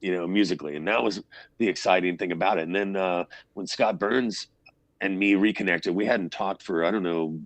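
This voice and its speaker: Deep voiced metal frontman guy rambling thru stories, swears a lot, dry mic. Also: normal speed, dry recording. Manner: rambling storyteller, swears freely, acts out quotes. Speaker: band frontman, interview guest. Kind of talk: casual interview chat.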